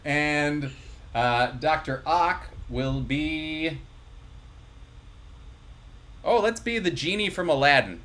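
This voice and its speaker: A man's voice: on the high side, slow, long pauses, a bit bright. A man hosting a live comedy table read, reading stage directions with breezy asides and chuckles to the players. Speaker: host and stage-direction reader.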